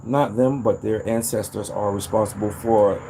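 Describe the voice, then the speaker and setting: A man in a casual, rambling monologue, animated and profane, jumping into sudden high outbursts. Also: normal speed, slight background noise. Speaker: vlogger.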